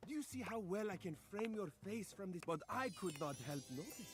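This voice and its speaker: A grandiose flattering mirror. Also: male voice, high voice, a little fast, over music. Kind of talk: game voice acting.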